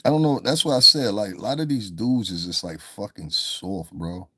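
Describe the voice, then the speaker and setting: Deep-voiced man chatting on a live stream. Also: normal speed, bright, forceful tone, husky, no echo, clean studio sound. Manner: loose, profane, chatty, talking to viewers in chat. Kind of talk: casual live-stream commentary.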